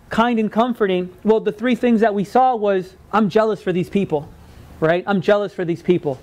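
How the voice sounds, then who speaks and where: A male pastor preaching a sermon in a conversational way, often asking "right?" and acting out quoted words in lively voices. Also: sits high.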